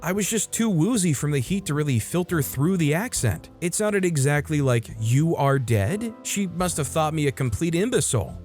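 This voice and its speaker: A man's voice: on the high side, animated, brisk, hardly any pauses, darkish tone, faint music behind. A man casually narrating online stories and adding chatty asides of his own. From United States. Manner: conversational, chatty asides between read passages.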